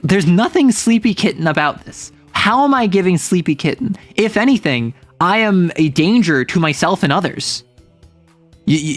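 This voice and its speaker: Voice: medium pitch, no room sound. A young adult streamer chatting casually with chat, playful and teasing, reading messages aloud. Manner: playful, teasing, lots of laughs and mock threats.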